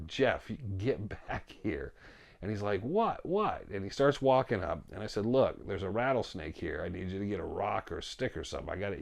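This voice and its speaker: A man casually telling a story about a hike, animated, often quoting himself and his friend and laughing as he goes. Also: fairly low pitch, vocal fry. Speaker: storyteller guest.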